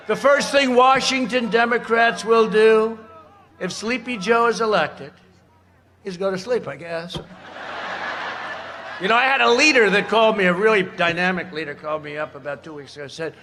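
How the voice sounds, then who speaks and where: A man's voice: high voice, moderate pace, pauses often, slight background noise. A man giving a campaign speech at a rally, boastful and sarcastic, drifting off into rambling asides. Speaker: politician addressing a rally. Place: large rally venue. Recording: loud cheering crowd at a rally.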